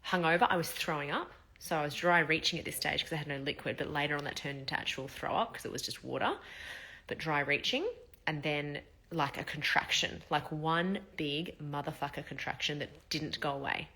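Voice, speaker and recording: A woman's voice: low voice, brisk, creaky, bright, forceful tone. A woman in her thirties, telling a candid, emotional personal story in a casual vlog while recovering after surgery. She talks loosely, with many fillers and the odd swear word. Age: 30s. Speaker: vlogger.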